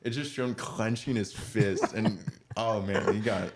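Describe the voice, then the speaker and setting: A man's voice: fairly low pitch, a little slow, noisy background. Young man laughing through a recap chat. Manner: laughing, acts out quotes in exaggerated voices. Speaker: podcast co-host. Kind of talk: casual reality-TV recap chat.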